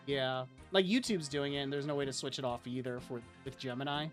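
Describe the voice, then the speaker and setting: A live-streaming man with a mid-range voice tells animated, meandering stories at a fairly quick clip, leaning heavily on the word "like." There's faint music behind him in this casual chat.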